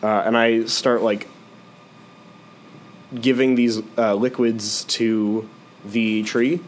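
A man's voice: fairly low pitch, flat delivery, slow pace, slight background noise. A man playing a tabletop role-playing game, talking through his character's actions in a rambling way. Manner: rambling, full of uh and like. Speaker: player.

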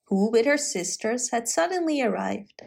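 Woman reading a fairy tale, fairly high. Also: animated, moderate pace, gravelly, a little mellow. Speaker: storyteller. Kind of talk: fairy tale read-aloud.

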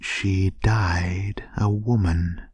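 A man voicing a gentle ghostly spirit in a storybook reading, speaking in a soft, measured, half-whispered way. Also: low voice, steady tone, husky, no room sound, full character voice.

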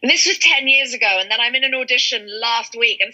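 Bright, laughing British woman on a lo-fi line. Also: on the high side, fast talker. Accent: British English, London. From England. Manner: laughs often, animated storytelling. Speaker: guest actress. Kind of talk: casual interview chat. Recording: dull lo-fi sound.

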